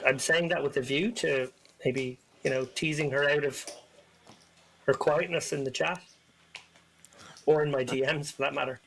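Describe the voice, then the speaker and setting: A man with a fairly high voice co-commentates live poker. He muses as he goes and often restarts his sentences mid-thought. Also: fairly even intonation, normal speed, gravelly, pauses often, fairly bright tone, a little hiss or hum, poor audio. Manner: musing, hesitant restarts.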